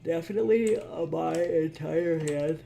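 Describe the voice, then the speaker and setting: This streamer is short on sleep and chats aimlessly on stream, cursing without restraint. Their mid-range voice is warm with vocal fry, moving at a measured pace over slight background noise.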